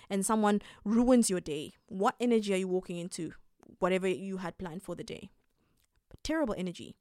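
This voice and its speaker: Woman, podcast host, calm advice monologue, emphatic, laughs often, dry close sound. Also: medium pitch, dry recording.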